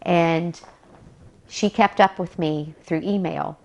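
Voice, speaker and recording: A woman's voice: on the low side, fairly even intonation, slow pace, gravelly. An American woman telling a personal story in an interview, vividly quoting what each person said. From United States. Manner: recounts dialogue vividly, quoting both sides. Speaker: interview guest. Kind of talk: storytelling anecdote.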